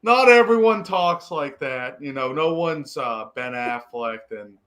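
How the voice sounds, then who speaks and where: A man's voice: on the high side, animated, measured pace, a bit bright. A young man in his twenties from the Boston area, with a Boston accent, chatting as a podcast guest in an easygoing, hesitant way. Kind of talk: casual podcast chat.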